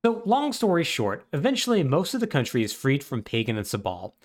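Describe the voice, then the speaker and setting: A man's voice: mid-range voice, huge pitch swings, fairly quick. A man co-hosting a podcast, casually retelling a story with wry humor and lots of fillers. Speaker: podcast co-host. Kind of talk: casual chat recapping a video game plot.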